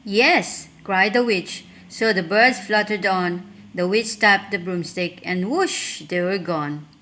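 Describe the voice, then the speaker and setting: A woman reading a rhyming picture book aloud, rhythmic and expressive. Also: mid-range voice, measured pace. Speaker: storyteller.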